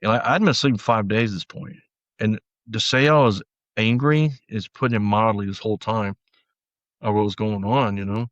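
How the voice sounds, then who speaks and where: A man's voice: on the low side, fairly even intonation, normal speed, no room sound, muffled recording. A man as a podcast guest, telling his story bluntly in a rambling, casual way with lots of fillers. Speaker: podcast guest, former sheriff's deputy.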